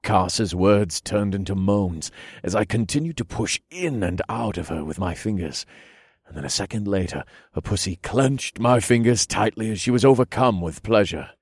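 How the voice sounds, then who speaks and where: A man narrating a first-person erotic story in a low, breathy, intimate way. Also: normal speed, darkish tone, no room sound, studio quality.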